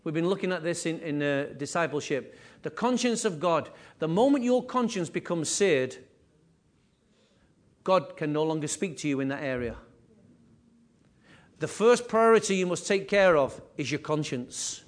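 A man preaching a sermon as pastor, animated and repetitive, with conversational asides. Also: fairly high pitch, moderate pace. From England.

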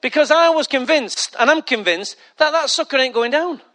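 A male pastor preaching a sermon with humorous, lively storytelling. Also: extremely high pitch, moderate pace.

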